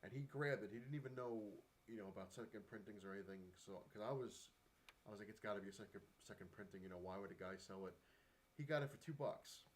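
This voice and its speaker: A chatty man rambles through his comic collecting stories in a casual talking-to-camera vlog. His voice sits a little low, and he leans on fillers and acted-out quotes. A faint hum of room noise runs underneath. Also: fast.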